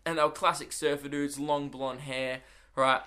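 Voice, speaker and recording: A young Australian man hosts his podcast and tells loose, rambling stories peppered with swearing. His voice is slightly high and bright, with a forceful edge. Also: flat delivery, normal speed. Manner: rambling, swearing, anecdotal storytelling. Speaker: comedian and podcast host. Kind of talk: casual solo podcast chat.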